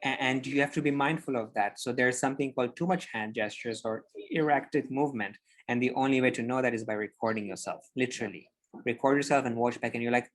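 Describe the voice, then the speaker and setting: A man giving public speaking tips on a podcast over a video call, explaining in an animated, demonstrative way. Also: medium pitch, fast talker. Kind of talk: instructive podcast conversation.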